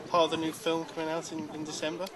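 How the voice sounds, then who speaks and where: A male reporter puts brisk, prompting questions to his interviewee. His voice sits fairly high for a man. The recording is outdoors at a public event, with crowd chatter clearly heard behind him. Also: completely flat delivery, poor audio.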